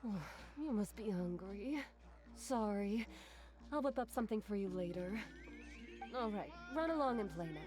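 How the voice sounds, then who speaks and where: An actress voicing a gentle young woman in a video game who cares for her Saurian, speaking softly and reassuringly. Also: mid-range voice, animated, normal speed, faint music behind, close to an everyday voice. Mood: affectionate. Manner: soft, caring, reassuring.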